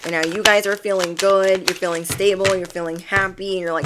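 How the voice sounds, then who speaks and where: A woman's voice: lowish voice, flat delivery, fairly quick, few pauses, a bit bright, a little hiss or hum. A woman giving an emphatic pick-a-card tarot reading, repeating affirmations. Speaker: tarot reader.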